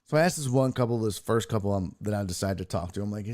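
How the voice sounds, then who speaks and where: A man's voice: on the low side, fast, few pauses, a little mellow. A man hosting a sports podcast, telling a loose, profane road story. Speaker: sports podcast host and comedian. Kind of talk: casual storytelling.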